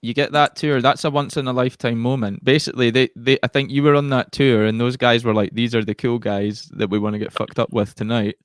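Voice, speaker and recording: A man's voice: mid-range voice, little pitch movement, fairly quick, few pauses, clean tone, no echo, clean studio sound. A man in casual chat, reacting and laughing along with short remarks. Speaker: podcast guest.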